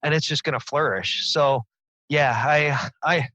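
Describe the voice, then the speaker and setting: A man's voice: on the high side, measured pace, sharp tone, poor audio. A middle-aged man co-hosting a casual podcast, enthusiastic, laughing often and repeating words as he talks. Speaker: podcast co-host.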